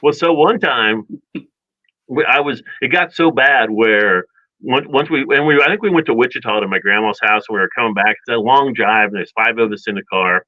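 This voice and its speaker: A man's voice: medium pitch, a little fast, no echo, dull audio. Rambling storyteller man on radio. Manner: rambling, animated storyteller acting out family quotes. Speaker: radio show co-host. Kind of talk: casual storytelling chat. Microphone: studio microphone.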